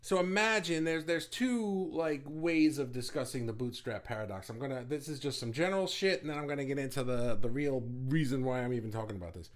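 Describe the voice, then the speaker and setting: A man hosting a casual livestream, chatty and rambling, with many restarts, talking fast and swearing now and then. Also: medium pitch. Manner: talks fast. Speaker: livestream host.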